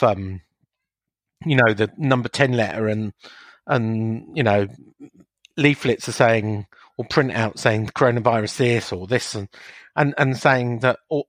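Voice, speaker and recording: A man's voice: mid-range voice, dry recording. A man hosting a casual radio chat, teasing his co-host and steering the talk along. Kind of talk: casual banter.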